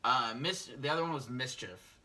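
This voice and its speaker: A young male podcast co-host with a very bright voice. He rambles through stories, piling up fillers and tossing in jokes, all in an easygoing tone. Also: medium pitch, normal speed, distant mic. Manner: rambling, lots of fillers, jokey. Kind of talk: casual chat.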